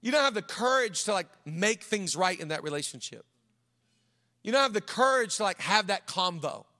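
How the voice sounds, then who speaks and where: A male pastor preaching a sermon, switching between emphatic declarations and a low, hushed storytelling voice. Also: lively intonation, moderate pace. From United States. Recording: reverberant hall.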